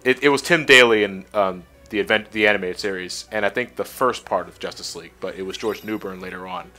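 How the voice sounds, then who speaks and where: A man co-commenting a let's play, animated and sarcastic, laughing often. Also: fairly low pitch, quick pace, soft background music. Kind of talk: casual gaming commentary.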